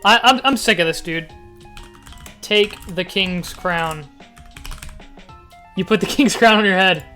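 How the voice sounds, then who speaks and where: A man casually commenting as he reads a text adventure game aloud, getting excited and laughing often. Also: sits high, a little slow, pauses often, soft background music. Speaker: gaming YouTuber.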